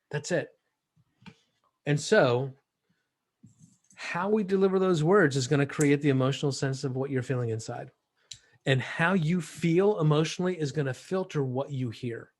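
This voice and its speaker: A man presenting a live workshop, speaking emphatically and addressing the audience directly. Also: on the high side. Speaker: sales trainer.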